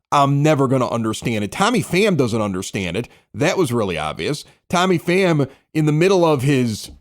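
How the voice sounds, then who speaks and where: Man, sports podcast co-host, lively swooping pitch, slightly high voice, ranting casual talk. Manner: animated, ranting, acts out others' words.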